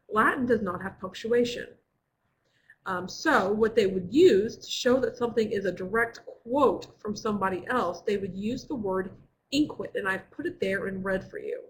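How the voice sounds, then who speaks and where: A woman's voice: medium pitch, slight background noise, poor audio. A woman teacher explaining Latin grammar in a live online class, patient and careful, with frequent filler words.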